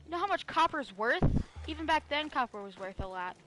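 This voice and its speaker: A woman streaming a video game live, talking back to the characters loudly and cursing freely. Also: sits high, sing-song, a little fast, background noise. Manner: loud, profane, talks back to the game. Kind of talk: live gaming commentary.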